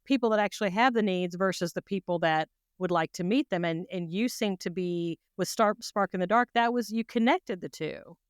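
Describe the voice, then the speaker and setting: A woman hosting an interview, enthusiastic and halting, restarting her sentences as she reacts to her guest. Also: mid-range voice, smooth, dry recording, clean studio sound. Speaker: podcast host. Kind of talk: conversational interview.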